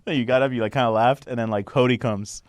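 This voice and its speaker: A man's voice: medium pitch, steady tone, fast, no echo. Guy on a podcast telling a funny story, laughs a lot, dry room sound. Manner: laughs often while telling stories; acts out other people's lines in quotes. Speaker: podcast co-host. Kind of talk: casual chat.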